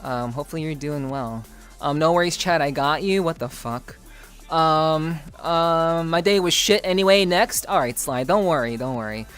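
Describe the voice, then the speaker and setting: A woman streaming live, chatting with her viewers in a deadpan, teasing way with stiff, overly formal phrasing. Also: low voice, normal speed, faint music behind. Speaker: VTuber streamer. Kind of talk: casual live-stream chat.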